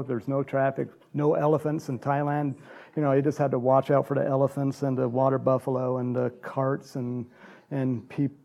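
A man's voice: medium pitch, vocal fry, warm tone. A middle-aged American man preaching a casual, rambling sermon full of stories, restarts and little chuckles. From United States. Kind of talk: conversational sermon with anecdotes.

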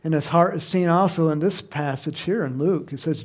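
A man's voice: on the high side, fast, few pauses, darkish tone. A man preaching a sermon in a conversational way, often asking his listeners questions. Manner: conversational, asks the congregation questions, laughs.

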